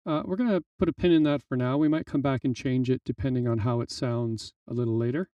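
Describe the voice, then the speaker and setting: Mellow-voiced man explaining at a distance. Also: mid-range voice, fast, muffled recording, a little hiss or hum. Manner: relaxed explanatory, frequent fillers. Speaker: music tutorial instructor. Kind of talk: screen-recorded software tutorial.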